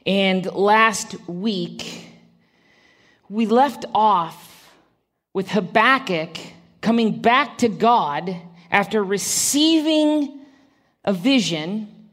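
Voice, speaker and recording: A woman's voice: mid-range voice, animated, very slow, long pauses. A woman preaching a sermon to a congregation in a church. She talks in a conversational way, with direct questions to the listeners and dry humorous asides.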